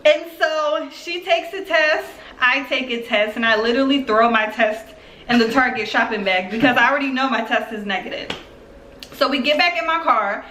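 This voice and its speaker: A woman in her twenties from Philadelphia telling a personal story on her vlog in a chatty, animated way full of fillers. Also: high voice, normal speed, a little hiss or hum. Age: 20s. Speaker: YouTuber. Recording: roomy echo.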